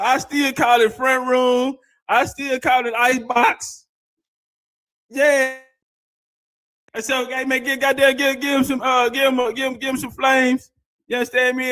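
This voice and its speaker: A man reacting to a clip with loud, laughing, profane banter. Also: very high-pitched. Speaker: reaction streamer. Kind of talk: casual reaction commentary.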